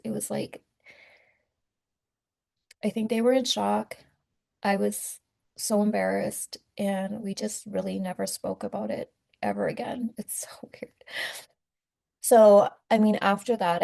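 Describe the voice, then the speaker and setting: A woman's voice: medium pitch, vocal fry, a little mellow. A young woman speaking candidly and casually to her viewers as she shares a personal testimony, with lots of fillers. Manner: candid, conversational, many fillers. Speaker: vlogger sharing her testimony.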